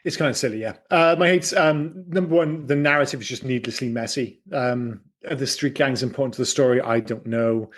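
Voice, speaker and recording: Fast-talking man hosting a film podcast. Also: medium pitch. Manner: swears freely, wry and chatty. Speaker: podcast host. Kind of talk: casual film podcast chat.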